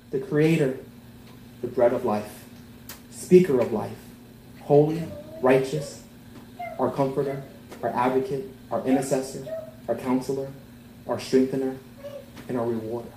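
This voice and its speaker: A male pastor delivers a heartfelt sermon in a fairly high voice. He builds to emphatic peaks and then softens to near-tender lines. The room is echoey, with a faint hum of ambience behind him. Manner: earnest, rising to emphatic peaks then dropping soft and tender.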